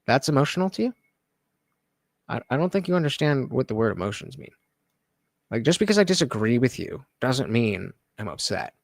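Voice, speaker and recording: A man's voice: medium pitch, very animated, normal speed, creaky, pauses often, no room sound, studio quality. A man hosting a live stream, talking casually and sarcastically, swearing and mocking others with exaggerated voices. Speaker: livestream host.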